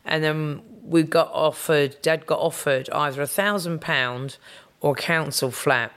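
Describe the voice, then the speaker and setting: Smooth-voiced woman telling stories. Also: low voice, a little slow, a bit bright. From London, England. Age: 50s. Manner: chatty storyteller with frequent ums and restarts. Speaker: guest, business executive. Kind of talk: casual interview chat.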